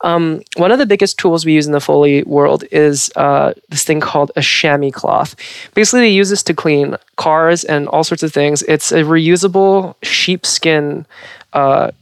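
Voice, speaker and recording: A young adult trans woman, a Foley artist, telling stories in an animated, expressive way with frequent fillers in a casual podcast conversation. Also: low voice, moderate pace, gravelly, clear, resonant tone, no echo, clean studio sound.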